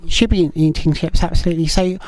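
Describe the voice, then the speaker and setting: A woman's voice: fairly low pitch, steady tone, brisk, a little mellow. Dry playful woman hosting an interview. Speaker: host.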